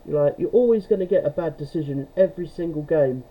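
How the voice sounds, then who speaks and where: A man's voice: a little high, fast, highs cut off. A young man vlogging about football, ranting angrily and swearing often. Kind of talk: angry fan rant to camera.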